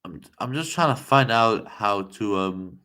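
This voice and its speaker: A man from the United States chatting casually to viewers on a live stream, rambling and excitable. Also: on the low side, a little slow.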